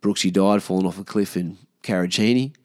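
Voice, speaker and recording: A man's voice: sits low, a little fast, darkish tone, no room sound, clean studio sound. A man in his thirties with an Australian accent, telling stories from his past in a casual, laid-back way, swearing freely and often trailing off. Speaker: podcast host. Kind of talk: casual storytelling monologue.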